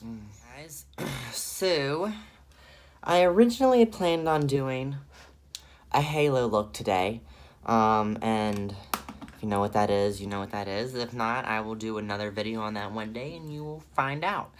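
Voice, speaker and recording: Slow, chatty Southern man. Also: medium pitch, a little hiss or hum. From Southern United States. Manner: chatty, thinks aloud, gushes over colors. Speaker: makeup vlogger. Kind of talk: casual makeup tutorial.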